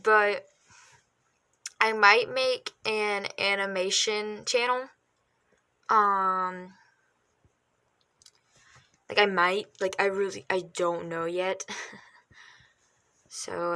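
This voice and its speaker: A woman's voice: medium pitch, slow, long pauses, bright, forceful tone. A woman chatting casually to her viewers while chewing gum, hesitant and full of "like" and "um", laughing often. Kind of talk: casual vlog chat.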